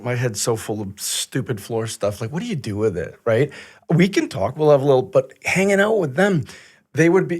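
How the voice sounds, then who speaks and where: Chatty guy hosting a podcast, acts out little dialogues, mid pitch. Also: darkish tone. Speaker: podcast host. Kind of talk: casual podcast conversation.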